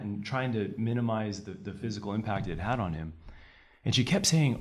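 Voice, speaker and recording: Young male lawyer, low voice, energetic and brisk storytelling. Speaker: trial lawyer guest. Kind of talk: conversational podcast interview.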